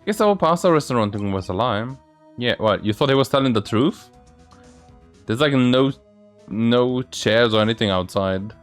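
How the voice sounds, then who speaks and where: A man's voice: animated, moderate pace, faint music behind. A man hosting a let's play, reading the game's characters aloud in shifting voices. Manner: reads lines for several game characters with shifting pitch. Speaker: gaming channel host.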